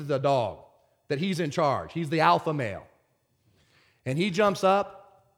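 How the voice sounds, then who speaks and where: A pastor delivering a conversational sermon, telling stories in an animated, stop-and-start way. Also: male voice, on the high side, a little slow, long pauses. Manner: conversational storytelling, animated, many restarts.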